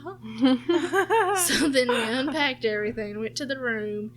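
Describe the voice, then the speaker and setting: Kobieta po trzydziestce z południowym akcentem USA, gawędząca w podcaście, barwnie i z przekleństwami odgrywająca kwestie bliskich. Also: female voice, fairly high pitch, normal speed, a little hiss or hum. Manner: animated, swears freely, acts out family members' lines. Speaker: podcast co-host. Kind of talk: casual storytelling chat.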